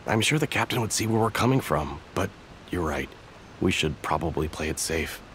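An actor playing a dutiful male soldier in a video game, reporting in a brisk, formal manner. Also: sits low, lively intonation, fairly bright tone, slight background noise.

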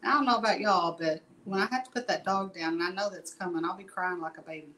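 A woman's voice: fairly low pitch, fast talker, fairly bright tone, a little hiss or hum, poor audio. A middle-aged woman gives a casual painting tutorial, chatting and rambling in folksy asides while she works. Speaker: painting instructor.

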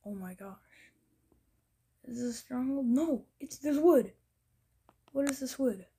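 A young woman giving casual gameplay commentary, thinking aloud, getting excited and now and then dropping into whispers. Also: high voice, unhurried, gravelly, husky. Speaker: gaming video creator. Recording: faint background noise.

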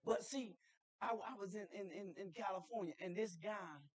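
Preaching as a guest chaplain, a middle-aged man tells stories conversationally and asks the congregation questions before building to shouted preaching. His voice is high, his pace moderate, and crowd noise can be heard.

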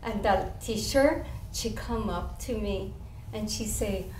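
A woman's voice: mid-range voice, slow pace, a little mellow. A woman acting out an eager, chatty first-grade girl in a one-woman stage show, speaking childlike English with a San Antonio Spanish-influenced accent and slipping into Spanish. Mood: chatty, proud. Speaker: stage performer. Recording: roomy stage sound from far off with faint hiss.

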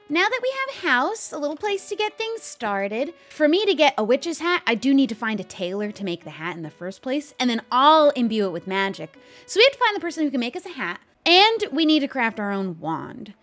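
A woman's voice: high-pitched, very animated, moderate pace, few pauses, fairly bright tone, soft background music. A woman chatting in character as a humble young witch, bubbly and self-deprecating. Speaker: roleplay series host in character as a witch. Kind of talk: in-character roleplay narration.

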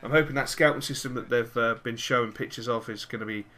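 Excitable man commentating a game. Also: mid-range voice, fast talker. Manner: excitable, cursing and cheering at the game. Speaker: gaming channel host. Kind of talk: live football video game commentary.

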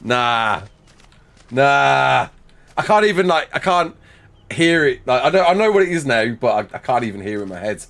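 Gravelly and a bit bright, this medium-pitched Black Country man in his thirties talks at normal speed with lively intonation and a Black Country accent. On his game livestream he reads out chat and thanks donors, poking fun at himself.

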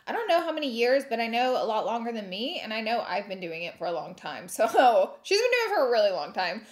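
A woman in her thirties hosting a casual unboxing vlog, chatty and bubbly, laughing often. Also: fairly high pitch. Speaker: beauty YouTuber host.

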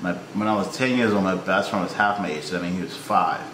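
A man's voice: low voice, quick pace. A man in his twenties reacts to a video in casual commentary, joking, swearing and talking back to the screen. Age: 20s. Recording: echoey room, faint noise.

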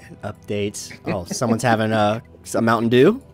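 A man's voice: on the low side, moderate pace, soft background music. A man narrating as game master in a tabletop game, rambling through scenes with many fillers and restarts.

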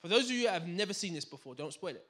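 Bright, punchy man at a seminar. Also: high voice, racing. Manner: energetic, interactive, quizzes the audience with banter. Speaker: seminar speaker. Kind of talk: live finance seminar talk. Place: room with a live audience.

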